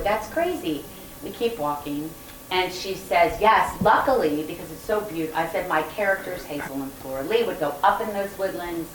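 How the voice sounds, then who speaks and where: Brief: lower-voiced Southern woman, animated storyteller, miked from a distance in a roomy event space. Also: a little hiss or hum. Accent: Southern American. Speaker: guest author. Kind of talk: storytelling to a live audience. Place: event room with audience. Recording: roomy, distant mic with faint ambience.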